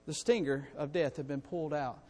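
A man preaching a sermon to his congregation, in a folksy, animated way with calls for amens. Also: a little high, brisk. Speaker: pastor. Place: church sanctuary. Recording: long reverb in a church hall.

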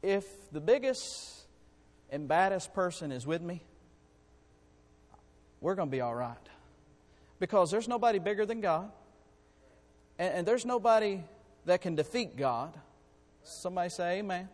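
A man preaching a sermon. He swings between loud, rising exhortation and quiet asides, and reads scripture in slow, drawn-out phrases. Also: high-pitched, animated. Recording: long hall reverb.

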